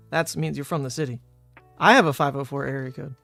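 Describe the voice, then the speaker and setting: This young man from New Orleans, Louisiana, USA talks fast in a high-ish, fairly bright voice as he streams a card game, casually chatting and working through his moves out loud. There's no echo, just faint music behind him.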